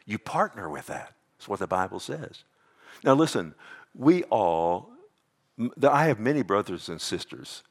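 A man preaching a sermon in an animated, swinging delivery. He punches key words loudly, then drops to an intense hush. He keeps checking in with the congregation as he goes. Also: on the low side, a little slow. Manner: animated preaching, swinging from loud emphatic bursts to hushed intensity; calls out "Amen?" to the congregation. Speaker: pastor.

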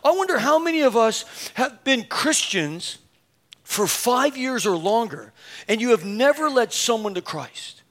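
A man preaching a sermon, telling a funny personal story in an animated, self-mocking way and acting out the dialogue, then urging his listeners on, sometimes up to a shout. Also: very high-pitched, unhurried.

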